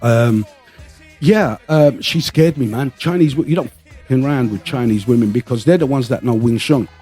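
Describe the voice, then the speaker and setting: A man's voice: medium pitch, normal speed, mellow, husky, faint music behind. A man hosting a casual podcast, telling rambling anecdotes and swearing freely. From London. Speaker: podcast host.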